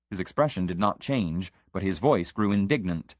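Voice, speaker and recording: A man narrating a literary short story in the first person, measured and reflective. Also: sits low, lively intonation, dry recording, studio quality. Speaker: audiobook narrator.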